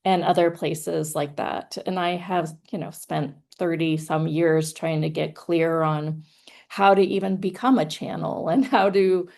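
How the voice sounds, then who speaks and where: A chatty woman guest speaker with a lowish voice and a gravelly edge. She talks casually and sounds self-amused, laughing between her thoughts as she gives an online presentation. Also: fairly even intonation, a little slow, a little mellow. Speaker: guest speaker, hypnotherapist and author.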